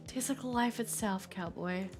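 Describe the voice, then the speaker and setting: A woman's voice: mid-range voice, measured pace, faint music behind, lightly acted. A woman voicing a cool, sly female vampire bartender with a dry, teasing manner.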